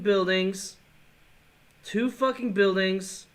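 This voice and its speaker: A man reacting live while playing a mobile game, swearing and yelling in bursts, then muttering apologies and taunting his opponent. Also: sits high, takes it slowly, long pauses. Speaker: gaming vlogger.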